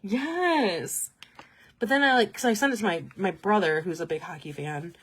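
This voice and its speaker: A young woman hosting a livestream, chatting casually and telling an animated story, laughing often along the way. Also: fairly low pitch, fast. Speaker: host.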